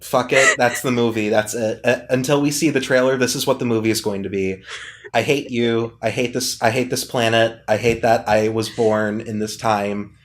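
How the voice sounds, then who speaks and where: Young man co-host, mid-pitched, exasperated, with faint noise behind. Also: steady tone, moderate pace. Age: 20s. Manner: exasperated, profane, mock-dramatic. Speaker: podcast co-host. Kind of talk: casual comedic chat.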